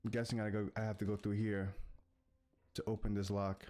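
A man from the United States giving excitable gameplay commentary, talking to the characters on screen and chanting quick urges to keep going. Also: on the low side. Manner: excitable, talks to the game characters, chants urgent repeats. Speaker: gaming YouTuber.

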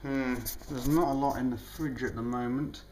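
A man's voice: medium pitch, fairly even intonation, moderate pace, darkish tone. Tired young man rambling. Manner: rambling, cheeky, lots of ums. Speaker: vlogger, show co-host. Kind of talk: casual vlog chat. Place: home indoors. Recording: echoey room, faint hiss.

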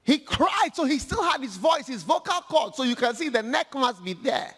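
High, lively-voiced male preacher. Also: moderate pace, breathy edge. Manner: animated, humorous, acts out scripture. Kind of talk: sermon. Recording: long hall reverb.

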